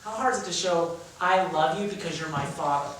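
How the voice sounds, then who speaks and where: A man's voice: on the high side, a little fast, noisy background. A drama teacher leading a class of young actors, explaining exercises with energy and acting out emotions as he goes. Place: large echoey room. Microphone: camera mic from across the room. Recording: echoey room, voice from far off.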